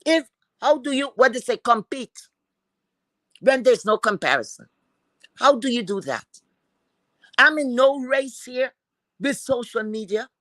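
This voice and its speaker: A woman's voice: fairly high pitch, animated, measured pace, pauses often, a bit bright, no room sound. A woman from Philadelphia hosting a livestream, ranting and taunting a rival with heavy profanity. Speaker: livestream host.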